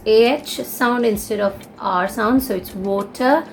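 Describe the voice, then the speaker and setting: A woman's voice: fairly high pitch, measured pace, gravelly, faint music behind. Indian English woman explaining pronunciation. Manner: explanatory, with many fillers and restatements. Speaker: English teacher. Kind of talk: casual video lesson.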